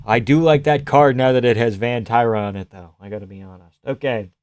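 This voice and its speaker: A man's voice: mid-range voice, fairly quick, a little mellow. A man live-streaming casual commentary while watching fights, blunt, sarcastic and swearing freely.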